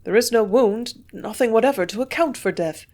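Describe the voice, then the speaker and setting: A woman's voice: on the high side, moderate pace, darkish tone, pitched above the performer's own voice, close to an everyday voice. Woman doing an earnest anxious young doctor. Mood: urgent. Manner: urgent, earnest.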